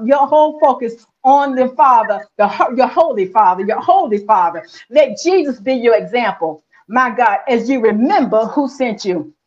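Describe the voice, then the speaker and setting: A woman preaches a sermon, building her points through rhythmic repetition and rising emphatic calls. Her voice sits a little high. The recording is muffled and lo-fi.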